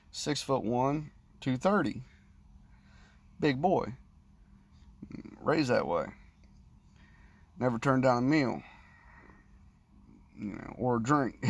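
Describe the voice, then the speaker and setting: A man's voice: mid-range voice, vocal fry. A man casually telling a crude, rambling story, swearing often. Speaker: vlogger. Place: sitting, indoors or in a parked car.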